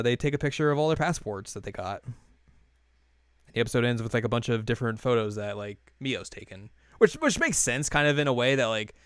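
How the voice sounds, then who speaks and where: A man's voice: on the low side, clean tone, no echo. Young male podcast co-host, casual rambling recap, clean resonant tone, dead-dry room. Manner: rambling, many fillers, laughs while retelling scenes.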